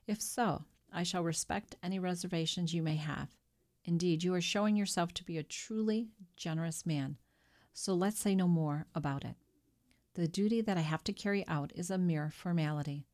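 Woman reading as a calm formal priest. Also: on the low side, moderate pace, natural voice. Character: calm, measured male priest.

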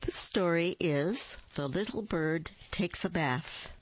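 A storyteller reading a picture book aloud, expressive and acting out the sound words. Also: medium pitch, slow. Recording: dull lo-fi dry recording.

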